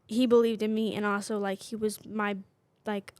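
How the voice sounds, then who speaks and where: A podcast co-host in her twenties talks casually and openly about personal things, leaning heavily on "like." Her medium-pitched voice holds a level tone with a darkish color, at a normal pace and with no echo.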